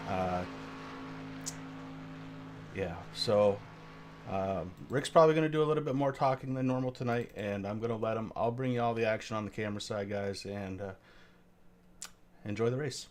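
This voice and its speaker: A grieving man on a race broadcast, subdued and halting, his voice a little low. Clear music runs loudly behind him. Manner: subdued, hesitant, many fillers. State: grieving, heavy-hearted. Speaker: race commentator. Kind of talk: sim racing broadcast commentary.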